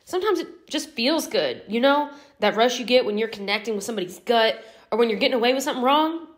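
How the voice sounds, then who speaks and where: A woman's voice: fairly high pitch, lively intonation, fast, voice pushed up, natural voice. A woman voicing a laid-back young man from the streets who talks in casual slang. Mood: persuasive.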